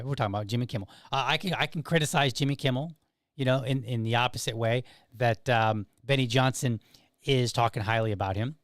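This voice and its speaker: A man hosting his own political podcast, talking in an animated, rambling way with lots of restarts and emphatic asides. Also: mid-range voice, no echo, studio quality. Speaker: podcast host. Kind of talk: casual political commentary.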